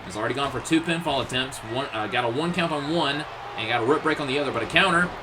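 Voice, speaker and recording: A man doing excitable wrestling play-by-play commentary, exclaiming at each move and dropping joking asides. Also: mid-range voice, fast, noisy background.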